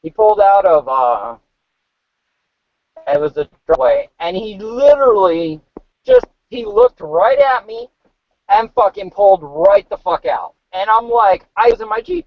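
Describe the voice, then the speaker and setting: A man telling stories in a casual, profane chat, animated and swearing freely. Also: very high-pitched, creaky, no echo. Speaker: podcast co-host. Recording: dull dry home mic.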